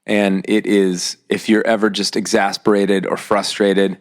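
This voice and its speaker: A man hosting a podcast, chatting casually with playful quips. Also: fairly low pitch. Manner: playful, quick quips, lively intonation. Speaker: podcast host. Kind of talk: casual chat.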